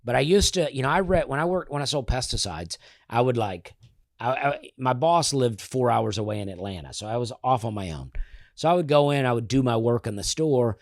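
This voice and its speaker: A man spins loose, rambling stories, breaking off and restarting mid-sentence. His voice sits at an ordinary pitch. The sound is dry and close, with no room around it. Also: animated, fairly quick, no echo. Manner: rambling, self-interrupting storyteller. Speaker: comedian guest. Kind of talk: casual interview storytelling.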